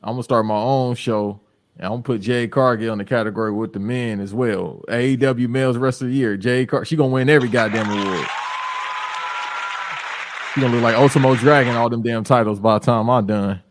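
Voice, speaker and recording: A man's voice: medium pitch, steady tone, brisk, some chatter behind. A man co-hosting a podcast, joking and swearing in casual banter. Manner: joking, profane. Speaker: podcast co-host.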